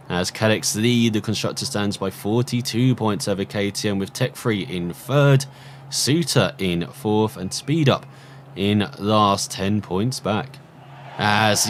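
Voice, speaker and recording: A man's voice: mid-range voice, slight background noise. Man calling a video game race. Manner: excited commentary on the race, then relaxed rambling results rundown. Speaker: gaming commentator. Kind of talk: mock race commentary over gameplay.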